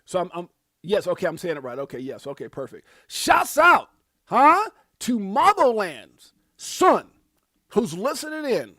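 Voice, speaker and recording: Hyped high-voiced man hosting a livestream. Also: wildly swooping pitch, measured pace, no echo, clean studio sound. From United States. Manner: hyped, preachy, shouting out viewers. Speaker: livestream host. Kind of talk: casual livestream chat.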